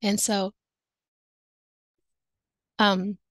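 A woman's voice: mid-range voice, little pitch movement, very slow, no echo. Chatty woman teacher, dry close mic. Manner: upbeat, chatty, laughs often. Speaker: online English teacher. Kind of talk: casual teaching tips video. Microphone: headset with headphones.

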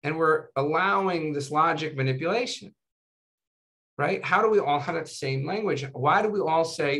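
This fairly high-pitched male voice moves at an ordinary speed. As a doctor appearing on a casual interview, he spins lively anecdotes, peppering them with "you know" and "right?"

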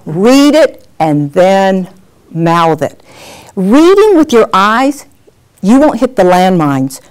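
A middle-aged woman teaching a workshop on presenting on camera, animated and acting out examples as she talks. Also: mid-range voice, clean tone. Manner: lively, animated, acts out examples. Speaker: on-camera skills coach. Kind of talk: workshop lesson.

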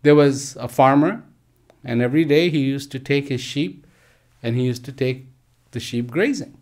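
A man telling a parable and answering questions in a measured way, pausing often. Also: medium pitch, darkish tone. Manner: slow, measured, pauses often. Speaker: speaker. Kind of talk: parable and Q&A talk. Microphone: live online stream.

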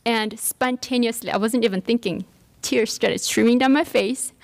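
A woman's voice: on the high side, moderate pace, gravelly. A woman giving a workshop talk, telling a personal story with many fillers and restarts. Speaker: workshop speaker. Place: lecture room.

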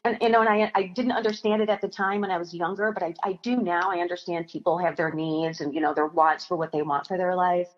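Emotional woman guest, halting speech. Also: fairly low pitch, fairly even intonation, lo-fi sound. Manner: halting, emotional, restarts often. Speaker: guest, company founder and chef. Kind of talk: podcast interview.

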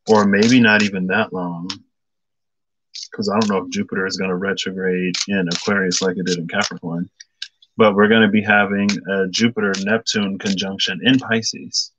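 A tarot reader with a lowish voice gives viewers a casual reading, thinking out loud with many fillers and pausing to greet commenters by name. Background noise can be heard.

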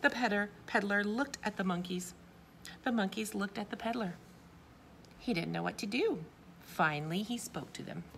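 A woman reading a picture book aloud to children, expressive and asking her young listeners questions. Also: mid-range voice, normal speed, gravelly, a little hiss or hum. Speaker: children's story reader.

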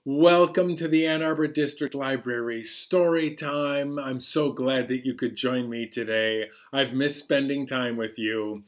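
A man hosting a library storytime for young children, chatting and singing cheerfully while strumming a banjo. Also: medium pitch. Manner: slow, cheerful, sing-song delivery to kids, playing banjo. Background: banjo accompaniment.

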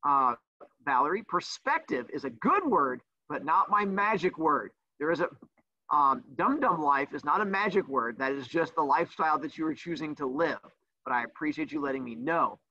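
A man's voice: a little high, lively intonation, normal speed, pushed and bright, dry recording. A man teaching a livestreamed class, teasing his students in a sassy, playful way. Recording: dull lo-fi dry sound.

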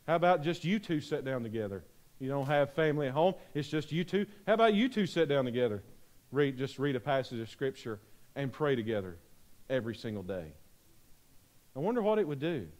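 A man's voice: medium pitch, darkish tone. A man preaching an earnest, pleading sermon invitation in a church, repeating his phrases. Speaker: pastor. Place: church sanctuary.

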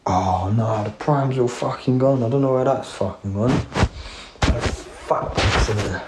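A man's voice: medium pitch, unhurried, background noise. A young man, chatting casually on a phone live stream, laid-back and slangy with plenty of swearing. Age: 20s. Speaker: livestream host.

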